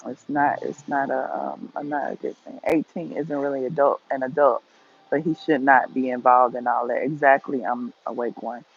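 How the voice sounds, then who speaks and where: A woman on a gossip livestream, talking straight to her viewers and answering their comments with blunt opinions. Her voice is gravelly and husky. The sound is thin and tinny, like a phone line. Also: extremely low pitch, steady tone, normal speed. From Atlanta, USA. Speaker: gossip vlogger answering live chat.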